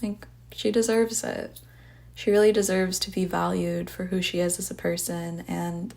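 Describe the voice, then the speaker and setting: A woman's voice: fairly low pitch, level tone, normal speed, vocal fry, darkish tone. A woman hosting a casual podcast, rambling with lots of filler words and cursing freely. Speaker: podcast host.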